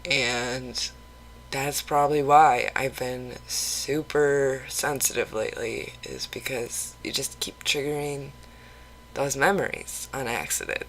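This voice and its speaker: A vlogger talking openly in a casual confessional video, rambling with halting restarts and casual swearing. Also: mid-range voice, a bit bright, a little hiss or hum, low-quality recording. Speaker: mental health vlogger.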